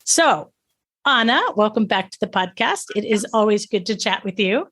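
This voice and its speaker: A woman's voice: mid-range voice, expressive, normal speed, fairly bright tone. A woman hosting a language-learning podcast, upbeat and encouraging in a casual chatty way. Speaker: podcast host.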